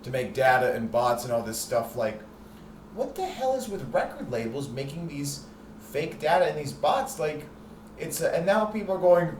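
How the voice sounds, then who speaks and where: A man's voice: on the high side, big pitch swings, moderate pace. A man hosting a heated, profane, sarcastic ranting monologue. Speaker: host. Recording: echoey room with faint noise.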